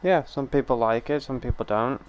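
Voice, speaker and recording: A man's voice: mid-range voice, normal speed, muffled recording. A man streaming a game, chatting casually with viewers in a rambling way, full of fillers and restarts. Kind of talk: casual live-stream chat while gaming.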